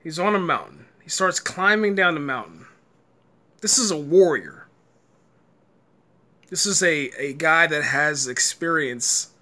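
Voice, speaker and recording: A man's voice: on the high side, unhurried, long pauses, pushed and bright. A man giving a casual, exasperated review rant, stumbling and repeating words and breaking into laughter. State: tired, early morning.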